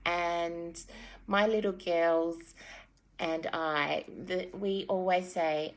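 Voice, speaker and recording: A woman's voice: on the low side, fairly even intonation, takes it slowly, slight background noise. A woman in her thirties, a spiritual guide who chats casually with giggles and fillers, then leads a guided meditation. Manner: gentle, giggly and rambling, with many fillers. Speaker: spiritual guide and card reader.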